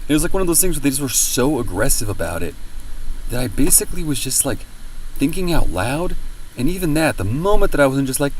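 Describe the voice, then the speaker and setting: A man's voice: mid-range voice, very animated, fast talker, far from the mic, slight background noise, rough recording. A man streaming and chatting casually with viewers, rambling with many fillers and a lot of swearing. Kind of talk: casual chat with viewers while gaming.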